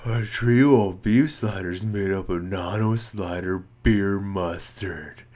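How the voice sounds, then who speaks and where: A man co-hosting a casual podcast chat, theatrical, his voice shooting up high when he gets excited. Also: slow pace. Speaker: podcast co-host.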